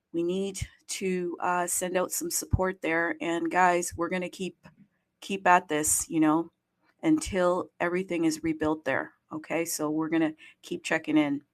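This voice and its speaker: A woman hosting a live audio space in a chatty, playful way, hyping her topic and greeting listeners with mock hellos in many languages, with plenty of fillers. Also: fairly low pitch. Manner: lively hype delivery with frequent fillers. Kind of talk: casual live-stream chat.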